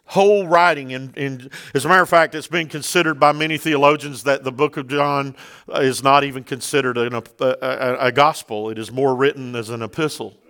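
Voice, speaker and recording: A male pastor preaching a sermon emphatically, with loud bursts and rhetorical questions to the congregation. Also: medium pitch, steady tone, brisk.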